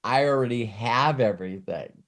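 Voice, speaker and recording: Over a video call, a man with a mid-range voice hosts a Q&A at a moderate pace. He retells a story, peppering it with "uh," and then moves into an earnest motivational pep talk.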